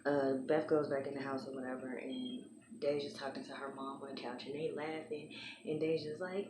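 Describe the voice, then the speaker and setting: Low-voiced woman recapping a show. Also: flat delivery, moderate pace. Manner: chatty, retells scenes in acted voices. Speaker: TV show reviewer. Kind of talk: casual recap and review. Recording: echoey room with background noise.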